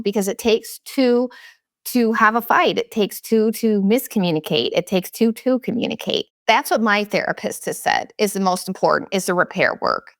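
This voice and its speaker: A woman in her thirties talks straight into the mic, blunt and unfiltered, swearing freely as she opens up about personal matters. Her voice sits at a middle pitch, and the sound is dry and close with no room around it. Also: normal speed, no echo. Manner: blunt, profane, confessional. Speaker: podcast host. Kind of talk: candid casual monologue.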